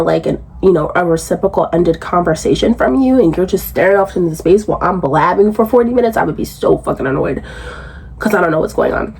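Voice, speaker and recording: Husky, blunt woman ranting in a recap. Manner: blunt, profane, animated, jumps into high outraged pitch when incredulous. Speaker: reality show recapper. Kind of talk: casual recap commentary.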